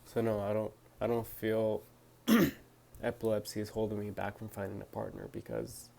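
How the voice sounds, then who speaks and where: A man's voice: fairly low pitch, gravelly, warm tone. A young man answering viewer questions to his phone camera, talking hesitantly with lots of fillers and restarts. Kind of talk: casual talk to camera.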